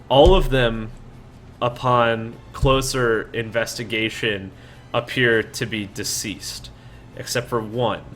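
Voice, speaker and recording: A man's voice: fairly low pitch, a bit bright, a little hiss or hum. A man narrating as dungeon master, rambling with many fillers and restarts. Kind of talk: narrating a tabletop game.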